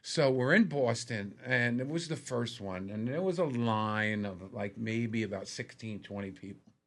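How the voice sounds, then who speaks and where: A man's voice: mid-range voice, measured pace. A man, a comedian guest telling stories on a podcast and acting out the people he quotes. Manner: animated storyteller, acts out quotes in a raised voice. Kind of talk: casual storytelling on a podcast.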